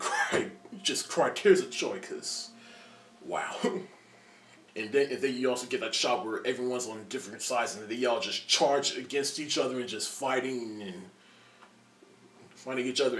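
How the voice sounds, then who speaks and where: A man in his twenties giving a casual spoiler movie review, excited and rambling, with lots of restarts and laughter. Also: mid-range voice, a little hiss or hum. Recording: roomy echo, distant from the mic.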